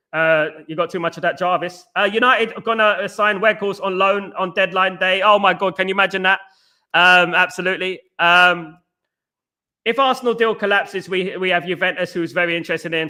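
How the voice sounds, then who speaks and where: Excitable high-voiced man. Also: fairly quick. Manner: excitable, sings and chants, repeats phrases. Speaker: livestream host. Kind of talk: casual live chat reading comments.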